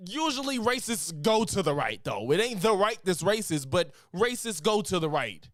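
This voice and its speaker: A man talking back at a clip in a lively, argumentative way, his pitch climbing high and swinging widely. The sound is close and dry, with no room around it. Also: normal speed, no room sound. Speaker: streamer reacting to a clip. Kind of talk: reaction commentary.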